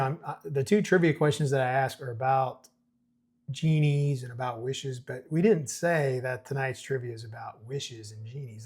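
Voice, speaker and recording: A middle-aged man with a husky, slightly rough voice walks through a script in a relaxed, conversational way. He pauses and restarts often and fills gaps with small words, at an ordinary pitch. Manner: conversational, chuckles, many fillers and restarts. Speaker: host breaking down a screenplay. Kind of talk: casual commentary reading script excerpts.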